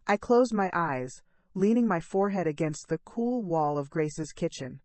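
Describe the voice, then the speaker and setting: Low-voiced woman narrating a dramatic story. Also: animated, moderate pace, a little mellow, no echo.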